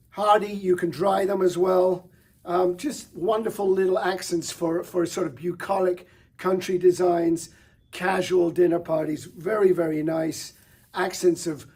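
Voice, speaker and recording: Man, middle-aged, florist demo, enthusiastic, higher pitch, husky. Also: dark tone. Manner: enthusiastic, chatty, with fillers and restarts. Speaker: florist presenter. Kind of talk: product showcase demonstration.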